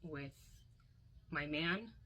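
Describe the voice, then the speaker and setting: A woman's voice: low voice, drawn-out words, dull audio, a little hiss or hum. A young woman recounting a painful personal story to her phone, candid and emotional, often quoting others.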